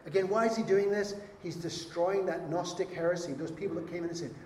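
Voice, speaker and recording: Brief: lively male preacher, slightly higher voice, long hall reverb, faint room ambience. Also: brisk, few pauses, slight background noise. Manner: animated, acts out quoted voices. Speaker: pastor. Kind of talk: sermon.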